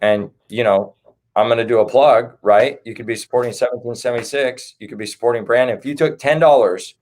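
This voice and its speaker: A man's voice: mid-range voice, brisk, darkish tone. A man who is a guest on a casual livestream, talking in an earnest, rallying way and calling people "man" and "dude".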